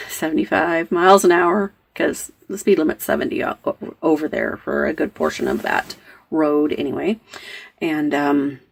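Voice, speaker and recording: A woman's voice: deep voice, gravelly. A woman hosting a knitting podcast, telling a story in a chatty, rambling way with plenty of fillers and asides. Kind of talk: casual storytelling chat.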